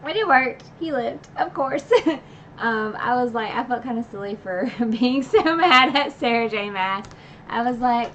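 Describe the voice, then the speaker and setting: A woman who streams for a book channel casually goes over a novel's final chapters, chatting with constant filler words and retelling scenes with emotional asides and laughs. Her voice is a little high, a bit bright, and a little slow. The dull lo-fi stream audio carries a little hiss or hum.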